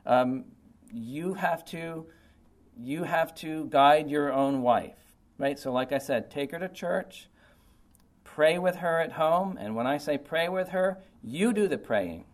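A man's voice: on the high side, slow. A man preaching a sermon in an informal, conversational way, often checking in with "okay" and "right". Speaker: pastor.

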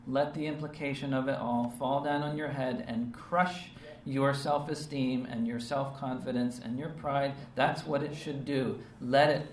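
A male preacher delivers an earnest, emphatic sermon and keeps checking in with short rhetorical questions. His voice sits at an ordinary pitch for a man. He is heard from some distance in a reverberant space with faint background ambience. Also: a little hiss or hum. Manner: earnest, emphatic, with frequent rhetorical "right?" and "okay?" tags.

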